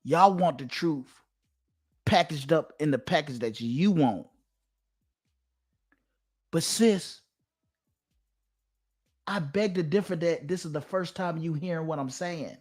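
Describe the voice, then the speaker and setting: A man's voice: a little high, moderate pace, a little mellow. Preachy, emphatic man. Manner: emphatic, repetitive, sermon-like cadence. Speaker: online commentator. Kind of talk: preachy direct-to-camera monologue.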